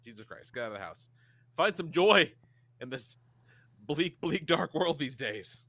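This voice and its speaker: A man's voice: on the high side, unhurried, dry recording. A man in his thirties co-hosting a podcast, telling stories and acting out the quotes, swearing freely. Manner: animated storyteller, acts out quotes, swears a lot. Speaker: podcast co-host. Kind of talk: casual chat.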